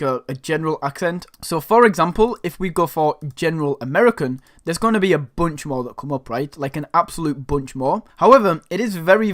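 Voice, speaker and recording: A man's voice: fairly high pitch, fairly bright tone, no room sound, clean studio sound. A man from Northern England with a Northern English accent, walking viewers through a screen-share tutorial in an upbeat, chatty way. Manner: upbeat, chatty, keeps addressing viewers as guys. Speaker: online side-hustle tutorial host.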